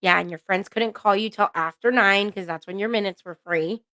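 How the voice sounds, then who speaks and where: A woman's voice: medium pitch, moderate pace, sharp tone, no room sound. A woman hosting a casual chat, upbeat and laughing often.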